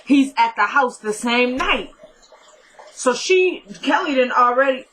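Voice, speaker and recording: A young woman casually recapping a TV episode, telling it as an animated story and often laughing. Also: high-pitched, measured pace, slight background noise, poor audio.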